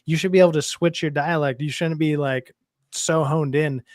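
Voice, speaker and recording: A man's voice: a little high, fairly even intonation, moderate pace, darkish tone, no echo, clean studio sound. A man arguing a point in a casual podcast chat, often repeating words as he goes. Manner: argumentative, repeats words while making a point.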